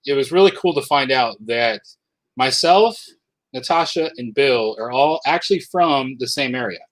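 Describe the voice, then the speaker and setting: A man from South Dakota hosting a casual livestream chat, upbeat and quick to laugh. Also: mid-range voice, lively intonation, fairly bright tone, no room sound, low-quality recording. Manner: laughs often, chatty and upbeat. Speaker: host.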